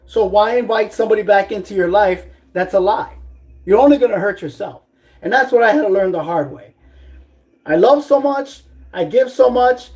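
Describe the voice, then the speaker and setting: On a casual vlog, a man with a high-pitched, slightly mellow voice cooks in his home kitchen while delivering blunt, profane, preachy life advice, like a laid-back livestream pep talk.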